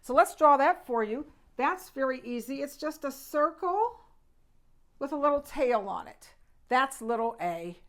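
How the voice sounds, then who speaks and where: An older woman hosts a children's alphabet lesson with a bubbly, exaggerated, sing-song delivery. Her voice is high for a woman. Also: expressive, measured pace. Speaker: host, children's teacher.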